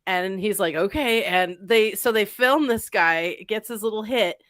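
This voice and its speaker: A woman co-hosting a podcast, chatting casually and retelling stories in a lively way. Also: mid-range voice, unhurried, no room sound. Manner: lively, laughs, acts out quotes. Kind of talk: casual chat.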